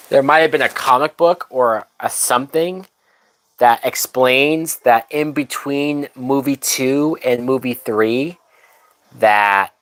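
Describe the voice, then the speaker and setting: Drunk man, livestream host, casual movie commentary, slow drawl, rambling, swears a lot. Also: mid-range voice, fairly bright tone, clean tone. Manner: rambling, profane, trailing off mid-thought.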